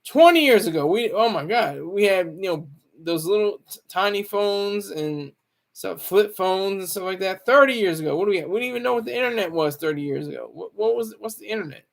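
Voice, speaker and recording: This former Marine talks briskly and animatedly in a high, gravelly voice. His casual monologue rambles, full of opinions and frequent self-corrections.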